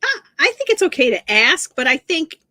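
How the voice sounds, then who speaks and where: A woman co-hosting a casual recap chat, giving thoughtful, measured opinions. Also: sits high, sing-song, bright, forceful tone. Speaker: co-host.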